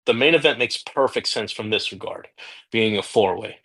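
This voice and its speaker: American dude rambling about wrestling, lowish voice, bright tone, swears a lot. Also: male voice, moderate pace. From United States. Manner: rambling, self-deprecating, swears freely. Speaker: podcast co-host. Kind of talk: casual wrestling chat.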